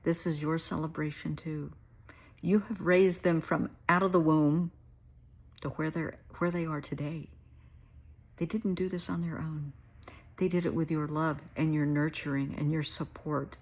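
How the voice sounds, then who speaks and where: A middle-aged woman with a low voice that has some gravel and a husky edge speaks directly to her viewers. She is a therapist, and her talk is earnest and heartfelt. She calls her listeners sweetheart. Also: fairly even intonation, a little slow. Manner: warm, earnest, emotional, addresses viewers as sweetheart.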